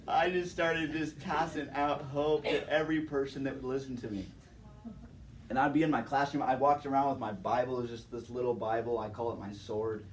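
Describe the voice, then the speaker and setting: Laid-back young man speaking from a distance. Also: medium pitch. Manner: laid-back, chatty, laughs often, says "man" and "dude". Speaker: speaker giving a testimony. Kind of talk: casual personal testimony. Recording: distant mic with faint background noise.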